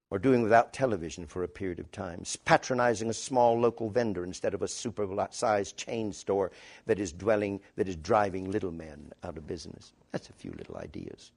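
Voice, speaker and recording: A man preaching a sermon to a congregation in a church, emphatic, moving from quiet reflection to loud declarations. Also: deep voice, creaky.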